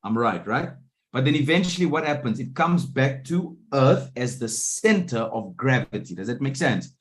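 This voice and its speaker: A man coaching a live online trading room, often pausing to ask whether his listeners are following. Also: mid-range voice, big pitch swings. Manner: keeps checking in with listeners. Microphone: video call.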